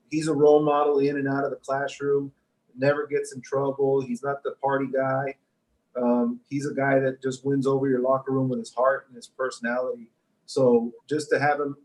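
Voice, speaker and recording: A man, a high school football coach, chatting casually and rambling, speeding up when excited. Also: poor audio. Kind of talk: casual chat.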